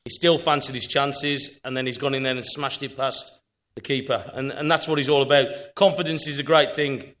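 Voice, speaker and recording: A man's voice: medium pitch, fairly even intonation, moderate pace, fairly bright tone. A man giving matter-of-fact football analysis on a live panel. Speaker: football pundit.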